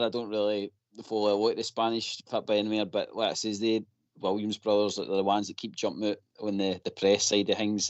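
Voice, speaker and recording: A man's voice: fairly low pitch, dry recording. A Scottish man on a fan phone-in, chatting in broad dialect and getting carried away into impassioned rants. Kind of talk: casual chat. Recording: dry, dull lo-fi audio.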